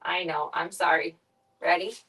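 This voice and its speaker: A woman streamer in casual chat, talking softly and coaxingly to her pet. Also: lowish voice, fairly even intonation, moderate pace. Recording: distant mic.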